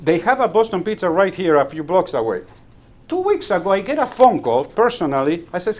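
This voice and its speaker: A man with a fairly high voice tells funny stories at a club meeting. He acts out the lines of the people in his anecdotes and laughs at his own punchlines. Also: sing-song, brisk, darkish tone. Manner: storyteller acting out dialogue, chuckling at his own jokes. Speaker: club member giving a talk. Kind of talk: humorous club speech telling anecdotes. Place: meeting room.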